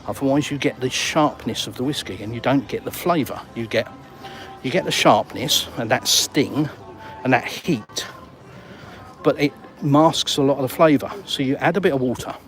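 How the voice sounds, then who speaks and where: A man's voice: medium pitch, moderate pace, fairly bright tone. An Englishman walking outdoors and vlogging, chatting in a cheeky, bantering, slangy way to viewers while filming on his phone. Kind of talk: casual walk-and-talk vlog. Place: outdoors on an urban seafront street.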